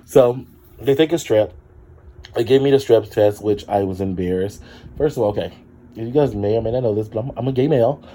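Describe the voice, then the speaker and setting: A sick man with a sore throat and drained energy tells a story to his viewers. His voice is dark and mellow, but he jumps to high exclamations and drops in sassy asides. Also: a little fast. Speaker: vlogger. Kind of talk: casual storytelling to camera.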